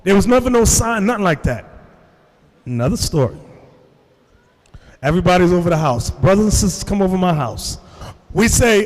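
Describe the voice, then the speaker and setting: A man's voice: high-pitched, lively intonation, a little fast, pauses often, a little mellow, big-room sound. A man preaching to a congregation, telling stories and addressing the room directly. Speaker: religious teacher. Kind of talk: sermon to a congregation.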